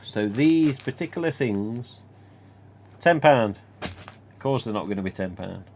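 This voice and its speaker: With a lowish, warm and expressive voice at a moderate pace, an English man hosts a relaxed live stream over slight background noise. He answers comments by telling rambling anecdotes, swearing mildly.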